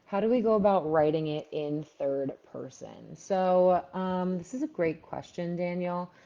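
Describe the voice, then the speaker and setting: In an unhurried, warm, fairly low voice, a writing coach from Philadelphia answers viewers in a live Q&A. She's chatty and uses lots of fillers, and the livestream audio is dull and lo-fi.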